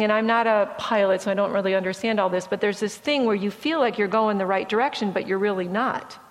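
Woman preaching in a reverberant hall. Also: medium pitch. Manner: lively storytelling, acting out quoted speech. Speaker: speaker sharing testimony. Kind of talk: sermon-style testimony.

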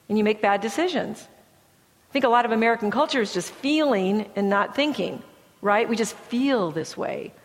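A woman's voice: mid-range voice, big-room sound. A middle-aged woman giving a slide lecture on chronic pain from a Christian view, talking in a conversational, emphatic way and acting out inner thoughts.

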